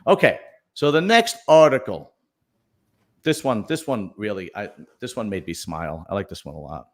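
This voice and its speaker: A man's voice: fairly low pitch, expressive, moderate pace, creaky. A male podcast host chatting casually about news stories, rambling with lots of fillers and restarts and telling jokes for donors. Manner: tells jokes read out for viewer donations.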